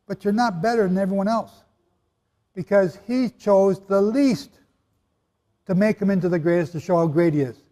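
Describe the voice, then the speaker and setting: A man with a high-pitched, mellow voice teaches the Bible to a live audience in a hall, speaking at a moderate pace with long pauses. His sermon-style lecture is emphatic, full of rhetorical questions and joking asides. The hall is echoey, with a long reverb.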